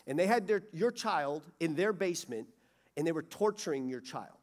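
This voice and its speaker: Animated preacher man, lively pitch. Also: moderate pace. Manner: animated, swings from loud urgency to hushed pleading. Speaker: pastor. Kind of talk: sermon. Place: church sanctuary.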